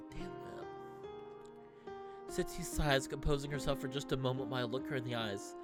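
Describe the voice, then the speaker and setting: A woman commenting candidly on a story game, talking in a halting, emotional way with many restarts. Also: extremely low pitch, over music. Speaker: gamer playing a visual novel.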